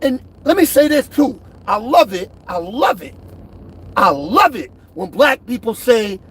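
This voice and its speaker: A middle-aged man talking straight to camera about himself, emphatic and repetitive, swinging from loud to soft. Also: high-pitched, sing-song, measured pace, breathy edge. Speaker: truck driver vlogger. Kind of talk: direct-to-camera rant.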